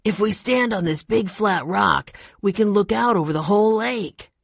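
A woman's voice: medium pitch, moderate pace, vocal fry, slightly rough, dry recording, clean studio sound. A woman voicing a sensible teenage boy. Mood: curious. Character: sensible older teen boy, curious.

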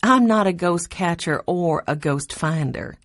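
A cheerful young woman student, voiced by the audiobook reader, full of stories. Her voice moves up and down brightly. The recording is close and dry. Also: lowish voice, lively intonation, a little slow, no echo.

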